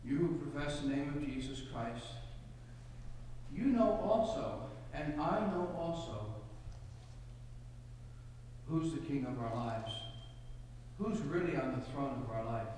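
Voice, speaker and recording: A man preaching a sermon as a pastor, telling a parable with dramatic, loud punches on quoted lines. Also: mid-range voice, expressive, unhurried, pauses often, slight background noise. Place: church. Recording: echoey hall, mic at a distance.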